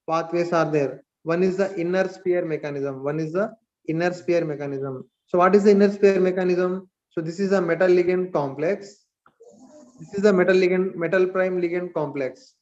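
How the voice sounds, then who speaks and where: Repetitive Indian English chemistry lecturer. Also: male voice, sits high, steady tone, normal speed, a little mellow. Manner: repeats key phrases, asks and answers own questions. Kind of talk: live online lecture. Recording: dull lo-fi stream audio.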